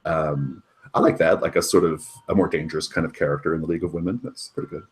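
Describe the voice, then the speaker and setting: A man acting as game master, chatting casually with players, upbeat and quick to laugh, with lots of fillers. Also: very deep voice, steady tone. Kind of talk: casual tabletop game planning.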